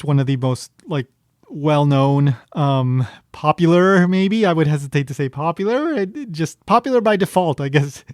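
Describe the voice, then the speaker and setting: A man's voice: a little high, a little mellow, no echo, studio quality. A man hosting a podcast in casual commentary, rambling with fillers and restarts and a wry, amused manner. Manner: wry, amused, breaks into chuckles. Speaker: podcast host.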